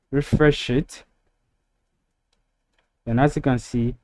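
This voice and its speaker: A man walking through a website-building tutorial step by step, relaxed and filler-heavy, recorded on a desktop mic over a screen recording. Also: medium pitch. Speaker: web design tutor.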